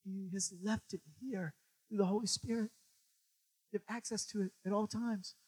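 A man preaching a sermon. He swings between loud, emphatic lines and quiet, low stretches, repeating phrases for emphasis and asking the listener questions. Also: fairly even intonation, normal speed, breathy edge, dry recording.

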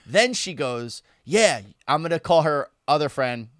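Guy spinning a party story, lively voice jumping up and down, dry close mic, laughs a lot. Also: fairly high pitch, measured pace, no echo. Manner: animated, laughing, swears freely. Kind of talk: casual storytelling chat.

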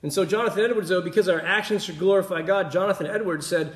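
A man's voice: high-pitched, fast, hardly any pauses, reverberant. A man preaching a sermon in a conversational way, often checking in with his listeners. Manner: conversational, keeps asking "right?".

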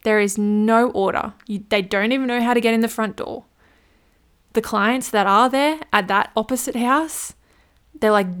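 A woman's voice: fairly high pitch, a little slow, a bit bright, smooth. A woman hosting a solo business podcast, chatty and playful, acting out little scenes as she gives advice. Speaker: podcast host, business coach.

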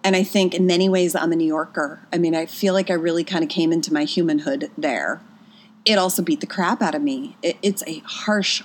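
Female guest, 30s, personal trainer, lowish voice, chatty and animated, restarts often. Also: slight background noise. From Pennsylvania, USA. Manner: animated storyteller with frequent restarts. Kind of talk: casual interview chat.

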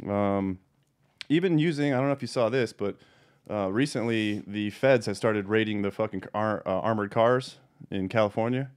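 A man's voice: on the low side, moderate pace, smooth. Angry, foul-mouthed man ranting. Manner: heated, swears constantly. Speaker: podcast host and cannabis grower. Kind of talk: profane rant. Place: home.

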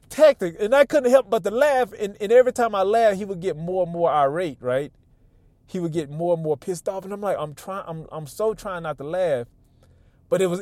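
A man's voice: on the high side, warm tone, no room sound. A man telling a personal story in a casual, chatty way, often restarting and repeating words as he goes.

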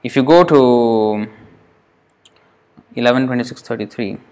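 A man teaching Sanskrit pronunciation to a class, patient and repetitive, drawing words out slowly to demonstrate them. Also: mid-range voice, a little mellow. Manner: patient, repeats words slowly to show how they sound.

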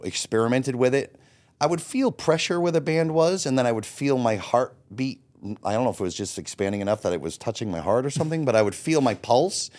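As a podcast guest, this Florida man in his 40s recounts his personal story with candor, profanity and bluntness, voicing his old thoughts as quotations. His voice is mid-range and a little mellow.

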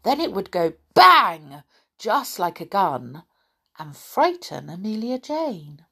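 A woman's voice: medium pitch, big pitch swings, slow pace, vocal fry, husky, exaggerated voice. A woman voicing a clever male teddy bear who schemes and turns cross. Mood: scheming. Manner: hushed and scheming, then cross.

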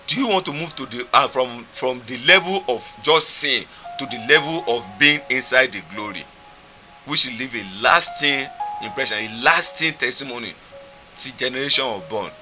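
Nigerian male pastor, emphatic repetitive sermon delivery, sharp bright tone. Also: medium pitch, animated, moderate pace, soft background music. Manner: fervent, emphatic, repetitive preaching. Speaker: preacher.

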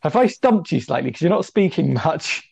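A man's voice: a little high, big pitch swings, normal speed, gravelly, a little mellow, breathy edge. A man co-hosting a casual podcast chat, talking chattily and laughing often. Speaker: podcast co-host. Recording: dull lo-fi audio.

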